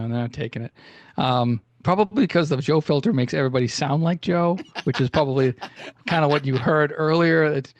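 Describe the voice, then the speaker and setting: Casting: male podcast host, rambling and self-mocking, slightly high voice, dry close sound. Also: dry recording, lo-fi sound. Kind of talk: casual comedic chat.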